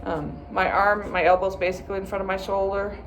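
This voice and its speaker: A woman's voice: medium pitch, fairly even intonation, brisk, vocal fry, soft background music. A woman viola teacher patiently walking students through practice steps, sometimes chanting rhythm words. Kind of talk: instructional practice walkthrough.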